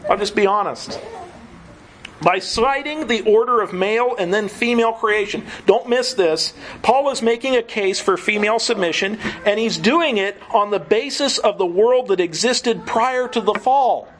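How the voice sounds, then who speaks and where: A man's voice: high voice, unhurried, a bit bright, slight background noise, low-quality recording. A man preaching a sermon, earnest teaching that often breaks into a chuckle.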